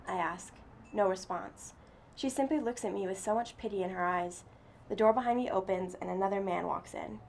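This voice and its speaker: A woman reads a first-person story aloud, steady and earnest. Her voice sits at a middle pitch with a gravelly texture, and there is a faint noise behind it. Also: moderate pace. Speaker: story reader.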